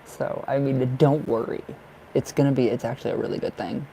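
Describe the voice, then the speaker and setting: Young male tarot reader, chatty and rambling, warm low tone, light background hum. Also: steady tone, fairly quick, creaky, poor audio. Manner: chatty, rambling, laughs often. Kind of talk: live stream reading.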